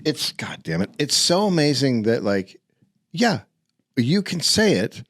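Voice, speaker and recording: A man co-hosting a podcast who speaks at a middling pitch and moves it around a lot. He is blunt and profane and keeps cutting in with short agreement. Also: big pitch swings, unhurried, a bit bright. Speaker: podcast co-host. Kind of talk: casual chat.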